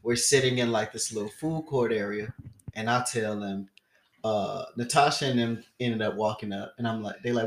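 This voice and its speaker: A man's voice: lowish voice, moderate pace, echoey room, slight background noise. A young man co-hosting a podcast, telling a story in casual chat and acting out the people in it. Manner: animated, acts out quoted voices loudly. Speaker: podcast co-host.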